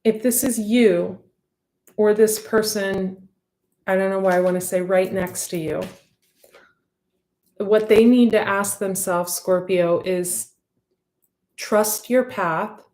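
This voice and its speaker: A woman's voice: medium pitch, steady tone, takes it slowly, long pauses, darkish tone, reverberant. A woman giving an intuitive tarot reading to her viewers, talking in a heartfelt, rambling way with many fillers. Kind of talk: casual spoken intuitive reading.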